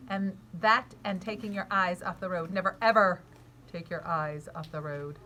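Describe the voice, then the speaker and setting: A woman reading aloud as a stern, careful storybook father who answers every question with another question. He speaks low and measured, with a soft faint hiss of background noise. He sounds like a parent giving a serious warning to his child. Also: fairly even intonation.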